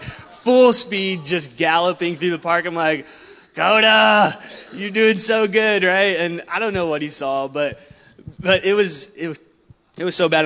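A young man preaching a sermon, telling a personal story in a casual, animated way and laughing often. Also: on the high side. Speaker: pastor. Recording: long hall reverb.

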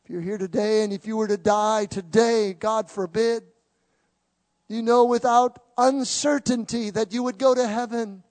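High-voiced man preaching with passion. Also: fairly even intonation, moderate pace. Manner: impassioned preaching, swinging between loud declarations and hushed tones. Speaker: pastor. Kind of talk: sermon. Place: church service before a congregation.

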